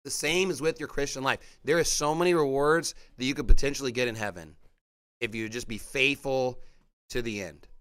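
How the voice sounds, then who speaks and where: A man preaching a sermon in a church, fervent, with short punchy rhetorical questions and shouts at points of emphasis. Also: medium pitch, moderate pace, clean tone. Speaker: pastor. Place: church hall.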